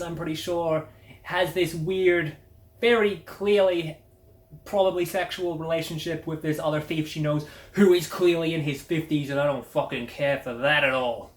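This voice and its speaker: A woman hosting a casual media review, blunt, sardonic and full of swearing. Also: fairly low pitch. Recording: roomy echo.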